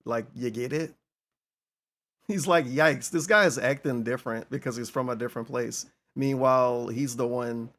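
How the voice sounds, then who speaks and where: Gravelly man with mocking, dry commentary. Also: medium pitch, a bit bright. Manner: dry and mocking, swears casually. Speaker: commentator reacting to a stream. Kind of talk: casual sarcastic commentary.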